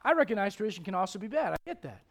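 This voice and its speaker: A middle-aged male pastor delivers a sermon in church, animated and joking as he swings between loud and hushed. His voice is high-pitched and racing.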